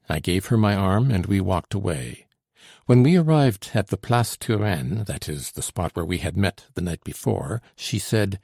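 Low gravelly male audiobook narrator. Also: no echo, studio quality. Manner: measured, steady reading of period prose. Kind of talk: scripted narration.

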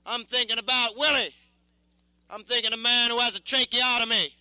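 A young man in his twenties, a war veteran, giving impassioned spoken testimony in an intense, halting, repetitive way. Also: extremely high pitch, fairly even intonation, sharp tone, smooth, no echo, poor audio.

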